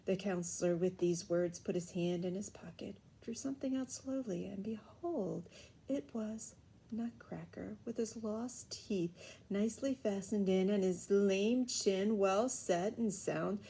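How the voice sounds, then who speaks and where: A woman reading a classic storybook aloud at a steady pace, with small stumbles. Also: mid-range voice, measured pace, creaky, slight background noise. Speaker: reader.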